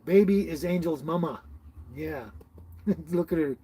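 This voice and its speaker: A man's voice: on the high side, measured pace, dark tone, slight background noise, low-quality recording. A middle-aged man hosting a casual live stream, chatting with viewers by name in a rambling way and laughing often. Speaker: livestream host.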